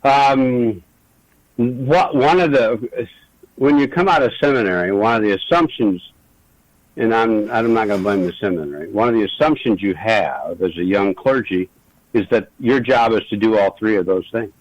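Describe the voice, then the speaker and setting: A man's voice: fairly low pitch, moderate pace, low-quality recording. A middle-aged man, a regular guest, talking earnestly and telling stories in a reflective conversation. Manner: earnest, storytelling.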